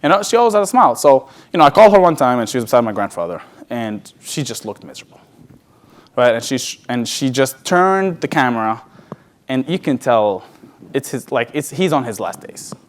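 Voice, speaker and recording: A man's voice: mid-range voice, big pitch swings, brisk. Man telling a personal story on stage. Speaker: speaker at a sales event. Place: large event hall.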